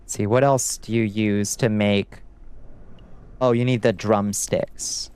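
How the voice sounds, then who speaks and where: A man's voice: on the low side, steady tone, slow pace, darkish tone, clear, resonant tone. A man streaming a video game from home, chatting loosely with viewers and swearing casually, with lots of fillers. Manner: loose and profane, rambling with fillers. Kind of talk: casual gameplay chat with viewers.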